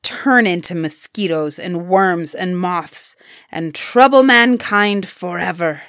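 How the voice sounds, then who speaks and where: A woman's voice: on the low side, very animated, unhurried, mellow, dry recording, clean studio sound. A woman voicing a vain, cruel female witch who poses as a princess in a storybook, with a haughty, demanding manner. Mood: cursing.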